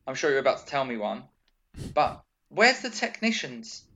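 A man co-hosting a casual wrestling podcast, chatty and rambling with quick asides. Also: mid-range voice, sing-song, fairly bright tone, a little hiss or hum. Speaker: podcast co-host. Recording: dull lo-fi sound.

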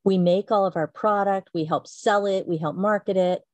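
A middle-aged woman, a company founder as a guest, telling her story in a casual interview and acting out quotes with big jumps in pitch. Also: fairly even intonation, moderate pace, darkish tone, no echo.

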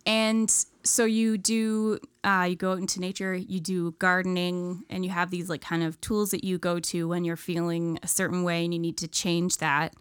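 Smooth-voiced woman host, dry sound. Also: on the low side, level tone, normal speed, few pauses, dry recording. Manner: curious, reflective questions. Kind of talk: casual interview conversation.

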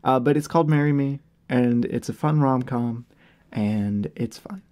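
A man's voice: mid-range voice, measured pace, a little mellow. A man co-hosting a casual movie review chat, upbeat and playful, laughing often as he teases his co-host. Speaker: podcast co-host.

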